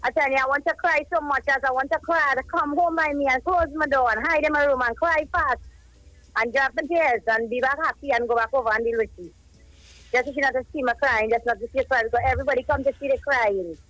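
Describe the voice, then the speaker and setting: A woman in her thirties with a Trinidadian accent speaks fast in a high, slightly bright voice over a dry, low-quality telephone line. She's a caller to a live radio show, grieving and rambling emotionally at length about her cousin, a child who died.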